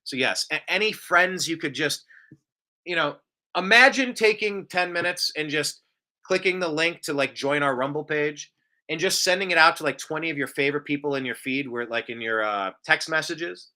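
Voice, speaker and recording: Rambling male talk-show host, bright tone. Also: a little high, normal speed. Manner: rambling, tangential, self-described bloviator. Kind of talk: casual live-show monologue reading viewer comments.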